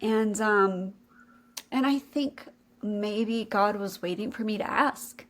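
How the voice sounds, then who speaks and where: A woman's voice: mid-range voice, slow pace, fairly bright tone. Young woman, podcast host, earnest and emotional storytelling, casual chat.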